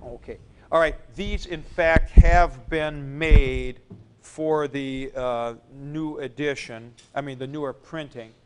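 A man teaching a class, explaining forms step by step with fillers and pauses as he moves around the room. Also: fairly high pitch, steady tone, darkish tone, smooth. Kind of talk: classroom lecture.

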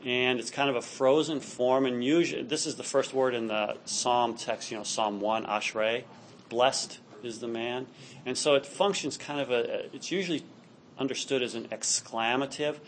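A man's voice: mid-range voice, fairly even intonation, normal speed, slight background noise. Man lecturing on Hebrew grammar in class. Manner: patient, explanatory, frequent "all right?" check-ins. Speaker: Hebrew teacher.

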